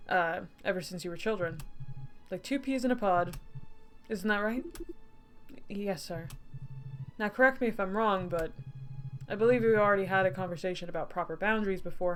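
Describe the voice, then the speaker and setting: A woman's voice: mid-range voice, brisk, pauses often, soft background music, close to an everyday voice. Cold, stern army captain, voiced by a woman. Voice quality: clipped, commanding. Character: stern male military captain, cold and scolding.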